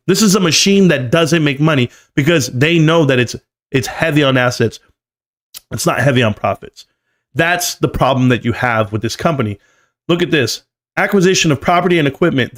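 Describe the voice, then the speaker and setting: Emphatic man lecturing on a live stream. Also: fairly high pitch. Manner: emphatic, lecturing, repeats key numbers. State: coughing, choked up. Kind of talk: live stream market commentary.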